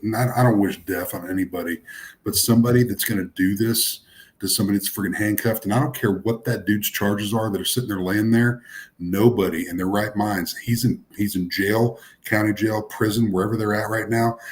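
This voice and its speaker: A man co-hosting a police livestream, ranting with swearing and quick apologies. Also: sits low. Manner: ranting, profane, apologetic asides. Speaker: co-host. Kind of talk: casual livestream chat.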